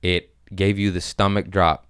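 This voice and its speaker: A man hosting a comedy podcast, riffing in a rambling, crude way with sudden loud bursts. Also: low voice, flat delivery, a little slow, smooth, no room sound, studio quality. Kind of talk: casual comedic rant.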